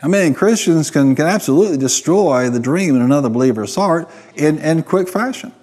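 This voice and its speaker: A man's voice: on the high side, animated, fairly quick, darkish tone, big-room sound. A man preaching a sermon, emphatic, often calling on the congregation to answer. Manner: emphatic, calls for responses from the congregation.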